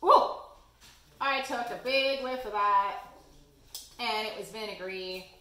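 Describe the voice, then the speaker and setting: A woman's voice: mid-range voice, measured pace, pushed and bright. A woman co-hosting a casual snack taste test, chatty and giggly. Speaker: co-host. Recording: echoey room, faint noise.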